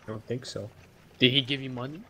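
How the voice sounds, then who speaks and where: A man's voice: medium pitch, steady tone, quick pace, pushed and bright, slight background noise. A man playing in a tabletop role-play, talking in a casual, teasing way. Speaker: player.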